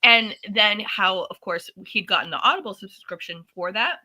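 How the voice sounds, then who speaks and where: Woman, forties, podcast co-host; very bright, animated storyteller. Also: medium pitch, moderate pace, low-quality recording. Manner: animated storytelling with voiced asides. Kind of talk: casual chat.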